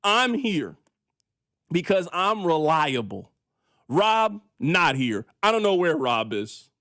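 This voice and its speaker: A man hosting a sports radio show, talking in an animated, exasperated rant and putting on mock voices now and then. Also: fairly high pitch, slow, no echo, clean studio sound. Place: radio studio. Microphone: studio microphone.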